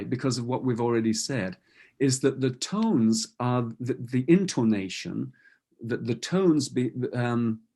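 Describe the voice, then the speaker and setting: Mellow-voiced man coaching on speaking. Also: medium pitch. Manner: explanatory, with demonstrated example phrases and frequent restarts. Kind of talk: webinar talk.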